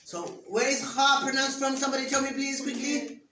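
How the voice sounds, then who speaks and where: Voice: high-pitched, level tone, a little fast, background noise. A teacher giving an interactive lesson to a class, patiently asking pupils questions and modelling sounds for them to repeat. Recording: roomy classroom picked up from a distance.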